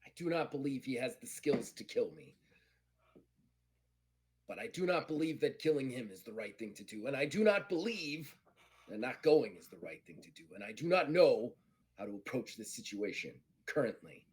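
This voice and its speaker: A man's voice: medium pitch, animated, moderate pace, husky. A man voicing a proud, conflicted Klingon woman officer who speaks formally without contractions, in a tabletop role-play. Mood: troubled.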